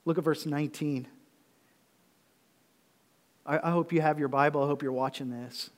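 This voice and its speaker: Middle-aged male pastor, high tenor voice, preaching with swells of intensity, long hall reverb. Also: steady tone. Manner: preaching with rising intensity, reading scripture slowly. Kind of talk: sermon.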